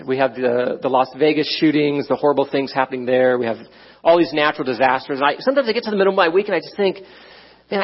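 A middle-aged man preaching a sermon, telling a personal story in a conversational way with frequent "right?" asides. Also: fairly high pitch. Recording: dull, muffled sound.

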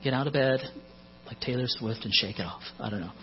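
A man's voice: medium pitch, fairly quick, soft background music. A middle-aged man preaching a sermon in a conversational way, with joking asides, on a muffled recording with mains hum.

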